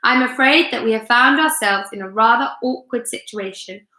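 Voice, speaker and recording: A woman's voice: fairly high pitch, moderate pace, sharp tone, reverberant. A woman reading a story aloud, voicing an old male grasshopper who tries to sound cheerful and reassuring. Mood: cheery.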